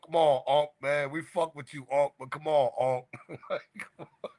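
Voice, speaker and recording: A man hosting a livestream, reacting to viewer chat with constant bursts of laughter and loud repeated exclamations. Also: a little high, fairly even intonation, normal speed. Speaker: livestream host.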